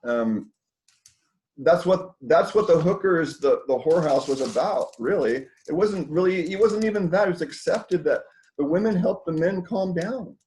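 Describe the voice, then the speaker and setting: A man's voice: a little high, animated, moderate pace, a little mellow, rough recording. A man hosting a community dinner talk, rambling loosely to a small group indoors with lots of fillers and casual swearing.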